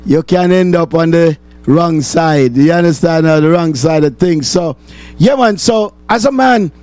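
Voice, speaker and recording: A man's voice: fairly high pitch, unhurried, darkish tone, no echo, faint music behind. A man hosting a call-in talk show, rambling and repeating himself for emphasis.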